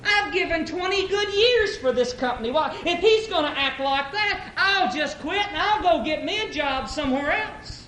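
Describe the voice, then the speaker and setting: A man voicing an offended male vice president who complains about being yelled at. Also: very high-pitched, lively intonation, normal speed, few pauses, roomy sound, slight background noise, pitched above the performer's own voice, exaggerated voice. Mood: hurt. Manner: complaining, self-pitying.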